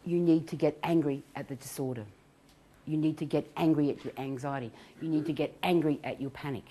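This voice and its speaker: Aussie woman, middle-aged, fairly low voice, talks anxiety recovery, animated and laughing a lot. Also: fairly quick. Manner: animated, acts out quoted voices, laughs often. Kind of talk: recorded self-help talk.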